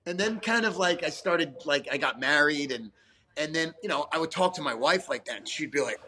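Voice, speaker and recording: A man speaks in a fairly high voice, animated and quick to laugh. He swears freely while chatting as an interview guest, and the sound comes through a video call mic. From New York, USA. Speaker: actor guest. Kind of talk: casual interview chat.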